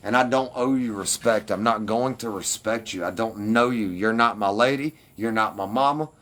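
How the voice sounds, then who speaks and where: A man's voice: on the low side, normal speed, fairly bright tone. A man ranting defensively and with heavy profanity at his livestream commenters.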